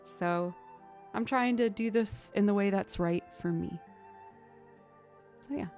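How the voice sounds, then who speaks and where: Female music streamer, casual chat, mid pitch, faint music bed. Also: slow pace, a little mellow. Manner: chatty, thanks viewers, frequent fillers.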